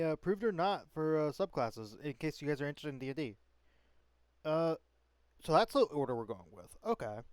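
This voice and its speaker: A man's voice: a little high, darkish tone, clean tone, no room sound. A man hosting a casual stream chat as game master, rambling with many fillers and restarts.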